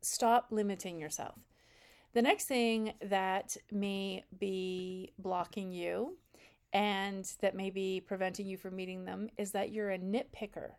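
A woman speaking as a relationship coach in a direct, frank monologue. Her delivery is blunt and animated, and she does not soften her points. Her pitch sits in an ordinary middle range. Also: measured pace, clean tone.

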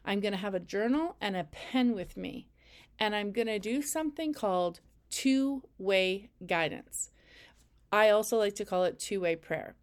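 A woman teaching a spiritual intuition lesson, guiding listeners calmly step by step. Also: mid-range voice, unhurried, smooth. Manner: calm, step-by-step second-person instruction. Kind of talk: guided instructional talk.

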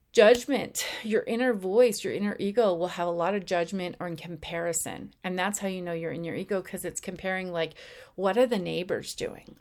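A woman giving a conversational spiritual teaching talk, acting out the anxious and calm inner voices now and then. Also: fairly low pitch. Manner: acts out voices of ego and intuition; conversational, with slips and restarts. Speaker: spiritual speaker.

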